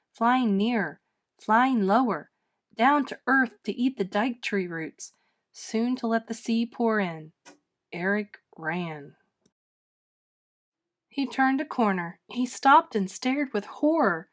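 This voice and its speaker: A woman reading a children's storybook aloud with dramatic, expressive narration. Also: on the high side, unhurried. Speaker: storybook reader. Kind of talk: children's book read-aloud.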